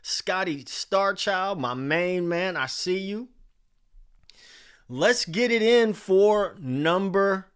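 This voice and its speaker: Animated man hosting a livestream. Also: high-pitched, clear, resonant tone. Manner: animated, reading chat names aloud. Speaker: livestream host. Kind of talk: casual livestream countdown.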